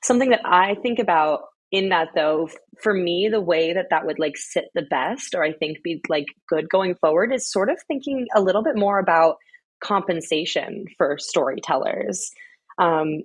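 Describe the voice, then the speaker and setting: A low, husky woman speaks as a podcast guest, working through her thoughts with plenty of hedges and fillers. She sounds like a community organizer in an easy interview. Her voice is recorded dry and close. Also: no echo. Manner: thoughtful, hedging with many fillers.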